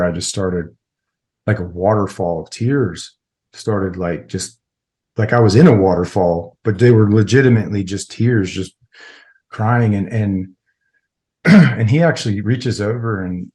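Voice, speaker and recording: A man's voice: on the low side, unhurried, a little mellow. A middle-aged man, a military veteran, telling a personal story as a podcast guest in a rambling, casual way full of filler words.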